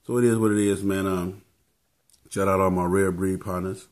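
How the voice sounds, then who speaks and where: A man's voice: sits low, level tone, normal speed. A man giving casual motivational talk as a vlogger, laid-back and tacking "man" onto his phrases.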